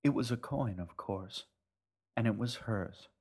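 A man narrating a story in a calm, measured way. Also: on the low side, slightly rough. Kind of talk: scripted narration.

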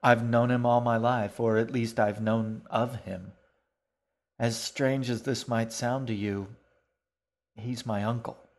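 A man voicing a gentle, talkative young queen in a storybook reading, speaking in a sing-song, fond way. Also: medium pitch, level tone, slow pace. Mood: dreamy.

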